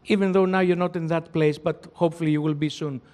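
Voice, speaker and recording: A man's voice: fairly high pitch, fairly even intonation, fast, darkish tone. A man from Greece with a Greek accent, a journalist asking a carefully worded question at a press conference.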